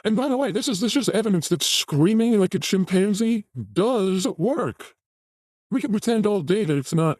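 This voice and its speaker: A man's voice: sits high, lively intonation, normal speed, darkish tone, no echo, studio quality. A man hosting a show, commenting on a video clip in a mocking, crude rant. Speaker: host reacting to a video clip.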